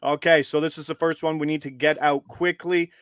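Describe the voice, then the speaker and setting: A man's voice: on the high side, a little fast, clean tone, dry recording. A man co-hosting a live sports betting stream, upbeat and walking viewers through each step. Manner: upbeat, steady and instructive, walks viewers through steps. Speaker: co-host.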